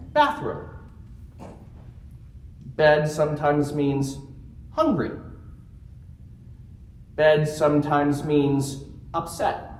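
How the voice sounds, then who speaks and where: A man giving a keynote talk to a live audience, telling stories in an animated way and joking along the way. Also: a little high, a little hiss or hum. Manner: animated storytelling with jokes. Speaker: keynote speaker. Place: conference room. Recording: roomy conference room sound.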